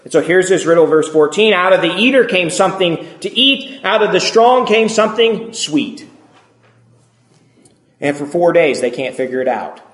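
A man preaching a sermon, retelling a scripture story in a lively way and acting out the characters' lines. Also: high-pitched, moderate pace, roomy sound. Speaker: pastor.

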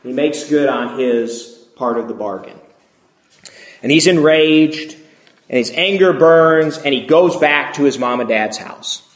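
A man preaching a sermon, retelling a scripture story in a lively way and acting out the characters' lines. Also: fairly high pitch, unhurried, reverberant. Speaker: pastor.

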